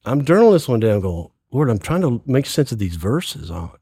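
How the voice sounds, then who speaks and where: An earnest man in his sixties tells his faith story as an interview guest, bringing the quoted conversations to life. His voice is mellow and husky. The sound is close and dry. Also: mid-range voice, big pitch swings, normal speed, no room sound. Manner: earnest, acts out quoted dialogue. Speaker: podcast guest.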